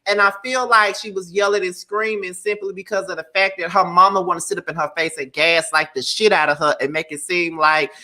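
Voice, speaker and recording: A man co-hosting a casual show, talking in an animated way, often breaking into loud laughter and exclamations. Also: high voice, a little fast, hardly any pauses. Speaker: co-host reviewing a reality show. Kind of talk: casual chat.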